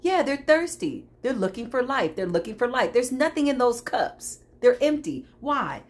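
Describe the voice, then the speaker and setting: A woman's voice: fairly high pitch, very animated, normal speed. A woman giving a tarot reading to her viewers, sassy and preachy, with frequent laughs and asides. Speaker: tarot reader. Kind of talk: spiritual tarot reading monologue.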